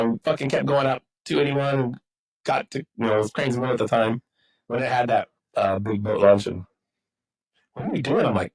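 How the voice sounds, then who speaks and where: A man's voice: medium pitch, normal speed, pauses often, rough recording. A swearing middle-aged man spinning stories. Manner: swears freely, acts out quotes, rambling. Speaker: podcast guest, football coach. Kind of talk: casual storytelling.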